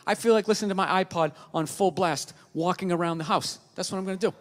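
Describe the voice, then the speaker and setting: A man's voice: high voice, fast. A man doing a stand-up comedy set, ranting and swearing as he mocks and argues with the crowd. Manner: profane, ranting, mocking. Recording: stage mic in a reverberant hall with a live audience.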